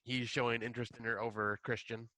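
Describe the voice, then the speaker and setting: Easygoing male co-host; bright, forceful tone, dry recording. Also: mid-range voice, flat delivery, fast, dry recording. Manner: agreeable, hedging, acts out dialogue in a raised voice. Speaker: podcast co-host. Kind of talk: casual chat.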